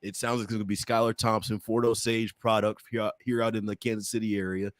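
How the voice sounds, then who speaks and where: A man hosting a sports podcast in casual chat, playful and teasing and quick to laugh. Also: fairly low pitch, flat delivery, no room sound, studio quality. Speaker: podcast host.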